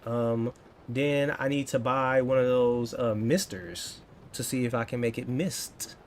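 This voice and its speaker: A man's voice: mid-range voice, fairly even intonation, unhurried, slight background noise. A man in his thirties chatting casually with his viewers in a playful, joking way, now and then tipping into over-the-top dramatics. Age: 30s. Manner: playful and joking, slips into exaggerated dramatic bits. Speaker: coding vlogger. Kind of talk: casual chat to live viewers.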